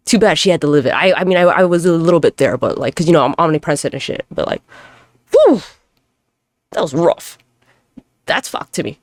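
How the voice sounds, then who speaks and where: A woman's voice: deep voice, very animated, brisk, pauses often, no room sound. A woman hosting a casual solo podcast, rambling and swearing freely as she mocks herself. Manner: rambling, profane, self-mocking. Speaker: podcast host.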